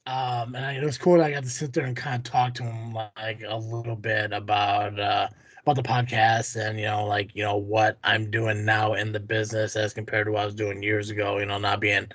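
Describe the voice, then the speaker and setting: Low-voiced, profane podcast host. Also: male voice, flat delivery, brisk, fairly bright tone, no echo. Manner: profane, rambling, many fillers. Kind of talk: casual chat.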